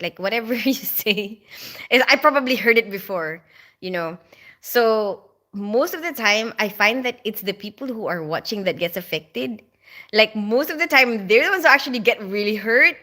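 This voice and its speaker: A woman's voice: fairly high pitch, sharp tone. A woman hosting a casual live stream from home, chatting with viewers in a rambling way, with plenty of laughter and filler words. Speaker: livestream host reading viewer chat.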